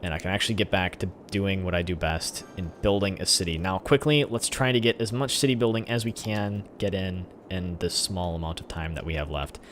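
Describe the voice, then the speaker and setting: A man's voice: low voice, a little fast, few pauses, slight background noise. A man giving casual gameplay commentary, rambling and talking back at the game. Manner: rambling, talks to the game, erupts in shouted cheers. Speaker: gaming channel host.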